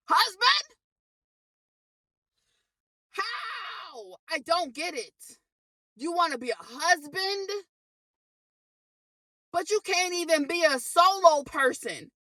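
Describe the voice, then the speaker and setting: Speaking straight to the camera, the young woman vlogs with a high, sharp voice, venting emphatically and frequently sounding exasperated. The recording is dry, though faint background music can be heard.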